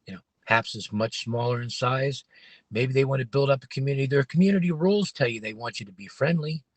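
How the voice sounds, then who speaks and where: A man's voice: mid-range voice, brisk, no room sound. A man hosting a casual livestream from his parked car, rambling and opinionated with many restarts. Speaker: livestream host.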